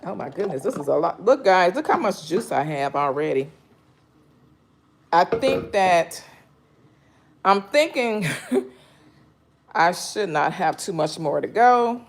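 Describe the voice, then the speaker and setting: A woman's voice: on the low side, a little hiss or hum. A woman chatting casually with viewers on a live stream while she cuts fruit and juices in her kitchen, greeting people by name and laughing often. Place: home kitchen.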